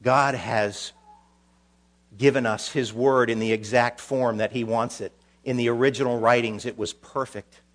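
A man preaching a sermon, charging a young preacher, swinging from quiet, solemn passages to loud, emphatic ones. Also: mid-range voice, steady tone, measured pace. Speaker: pastor.

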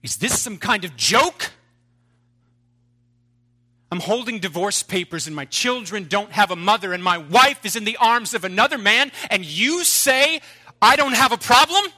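A man's voice: sits high, animated, normal speed, voice pushed up, exaggerated voice. A man voicing a heartbroken husband who wails and pleads with God. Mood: incredulous. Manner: wailing, pleading at a shout.

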